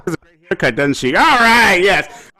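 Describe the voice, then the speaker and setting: A man in his fifties chats as a guest over a video call, his voice sitting a little high. He tells his stories in a lively, animated way and slips into other people's voices as he goes. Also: brisk. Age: 50s. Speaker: guest, singer and conductor. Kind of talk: animated storytelling in a casual chat.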